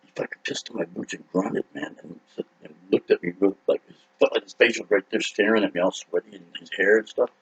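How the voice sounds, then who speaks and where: With a low, husky voice and a slightly fast pace, a man in his fifties who sings rock spins a rambling, profane story. He laughs and acts out voices as he goes, and the lo-fi recording sounds dull.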